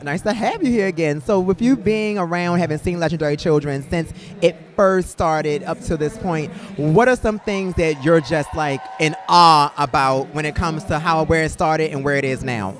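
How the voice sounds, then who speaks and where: A man's voice: fairly high pitch, normal speed, few pauses. A man hosting a livestreamed event, interviewing guests with flamboyant, theatrical introductions. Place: outdoor event with music. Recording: loud music behind outdoors.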